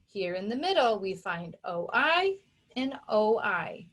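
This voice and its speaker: A woman's voice: mid-range voice, big pitch swings, a bit bright. A woman teacher giving a recorded phonics lesson to children, talking them through each step with patient, careful pronunciation of each sound. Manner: patient, deliberate enunciation of sounds; gives step-by-step instructions to young pupils.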